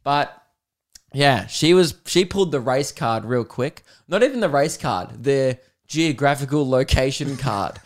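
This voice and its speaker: A man's voice: medium pitch, expressive, a little slow. A man with an Australian accent, hosting a comedy podcast and telling a rambling story while laughing. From Melbourne, Australia.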